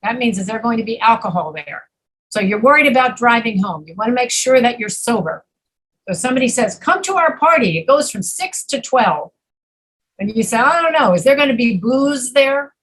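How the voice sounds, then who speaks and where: A woman teaching an English pronunciation class, patiently repeating words slowly to demonstrate sounds. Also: on the high side, lively intonation, slightly rough, low-quality recording. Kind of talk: online pronunciation lesson.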